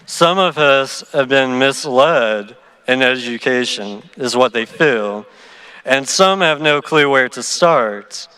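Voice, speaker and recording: Male student speaker, bright and clean voice, slow encouraging reader. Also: medium pitch, clean tone. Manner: encouraging, poetic phrasing. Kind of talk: reading a prepared speech. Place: outdoor stadium.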